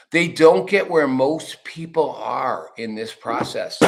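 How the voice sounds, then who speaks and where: A man's voice: medium pitch, very animated, unhurried, gravelly, hardly any pauses. A man hosting a political commentary show, talking casually and rambling, swearing freely and acting out quotes. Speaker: show host.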